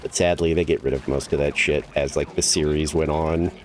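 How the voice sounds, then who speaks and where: A man's voice: rumbling low, steady tone, fairly quick. A man streaming a game, chatting casually and rambling with lots of "like" and casual swearing. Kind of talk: casual chat while gaming.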